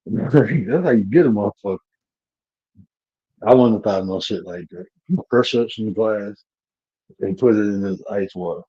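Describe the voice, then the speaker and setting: A man talking bluntly and profanely from home on a live-stream panel, telling animated stories with laughter. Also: medium pitch, normal speed, no room sound, highs cut off.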